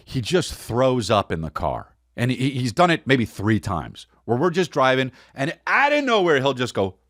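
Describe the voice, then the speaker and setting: A man's voice: mid-range voice, big pitch swings, normal speed, a bit bright, no room sound, clean studio sound. Man telling a rambling comic story. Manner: rambling, stammering restarts, crude wording. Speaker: podcast host.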